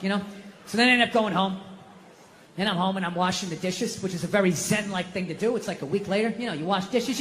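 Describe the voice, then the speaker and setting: Boston-accented male stand-up, profane ranter, bright edge, live-mic feel. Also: long reverb tail, a little hiss or hum. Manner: ranting, profane, swings from low mutter to high outburst. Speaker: stand-up comedian. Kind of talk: stand-up comedy rant. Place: live venue with audience laughter.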